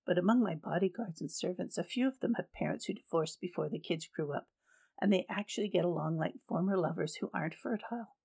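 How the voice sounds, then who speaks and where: A man's voice: sits high, fairly quick, vocal fry, darkish tone, husky, heavily acted. A woman voicing a troubled young man who speaks frankly and resentfully about his family in a storybook reading. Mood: bitter.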